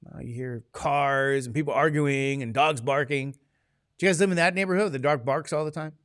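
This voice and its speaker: A man's voice: medium pitch, fairly quick, fairly bright tone, no room sound, studio quality. A man teaching a classroom lecture, chatty and digressive, asking the class questions as he goes.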